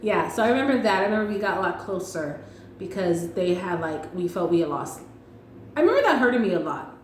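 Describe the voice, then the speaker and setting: A woman's voice: medium pitch, quick pace. Laughing young woman in an echoey room. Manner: laughs often, animated quoting. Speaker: podcast host. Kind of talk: casual chat. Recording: echoey room with faint background noise.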